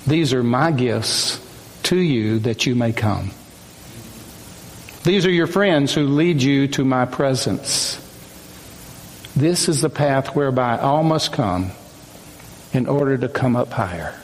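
Male preacher, mid-pitched voice, slow and solemn with pauses, long reverb and faint room noise behind him. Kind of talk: sermon. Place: room with a group of men.

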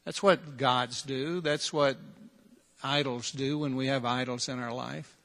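A man's voice: medium pitch, steady tone, measured pace, a bit bright. A man preaching a sermon in an earnest, direct manner, pressing his listeners with repeated challenges and rhetorical questions. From United States. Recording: long hall reverb.

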